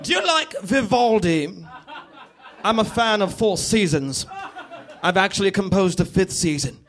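A man voicing a sinister pale older British man in a stand-up bit, slow and theatrical, recorded live with a crowd behind. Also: high-pitched, lively intonation, pitched above the performer's own voice. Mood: menacing. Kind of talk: stand-up comedy impression. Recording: live club with crowd and noise.

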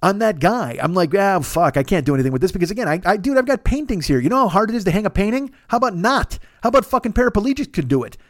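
A man rambles through a comic monologue, swearing freely and poking fun at himself. His voice sits high and jumps around a lot as he talks at a fast clip. The sound is close and dry, like a podcast studio. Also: very animated, no echo. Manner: profane, rambling, self-deprecating. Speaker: podcast host. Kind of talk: comedic monologue.

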